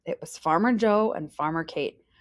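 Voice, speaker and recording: A woman, a teacher, reading a children's picture book aloud with expressive voices for the characters. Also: low voice, normal speed. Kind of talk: storybook read-aloud.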